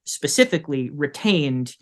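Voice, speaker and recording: A man's voice: a little high, expressive, unhurried, fairly bright tone. A man narrating as game master of a tabletop game, rambling with many fillers. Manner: rambling, full of "like" and "uh".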